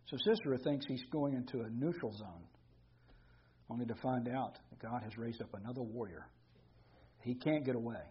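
A man's voice: mid-range voice, husky, dull audio. A man preaching an expository sermon, reading scripture aloud and explaining it with emphatic repetition.

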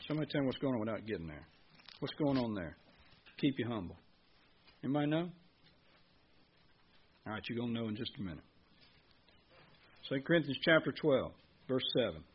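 A man's voice: mid-range voice, dull audio, a little hiss or hum. Conversational preacher man. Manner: conversational, asks the congregation questions. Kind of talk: sermon.

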